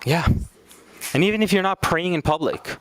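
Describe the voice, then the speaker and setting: A man's voice: sits high, normal speed, a bit bright, no echo. A man teaching an Islamic studies class in a casual, conversational way, now and then acting out quoted speakers.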